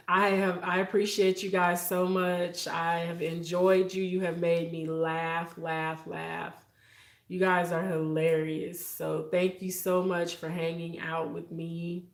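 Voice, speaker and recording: A woman's voice: lowish voice, echoey room. A woman hosting a casual livestream, chatty and heartfelt, talking straight to her viewers. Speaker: livestream host. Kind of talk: casual live-stream chat with viewers.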